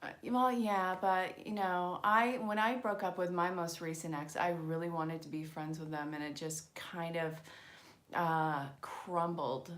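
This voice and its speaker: A woman chatting excitedly on a live stream as an angel card reader, talking to her viewers and laughing often. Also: on the low side, a little slow. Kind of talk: casual live-stream chat.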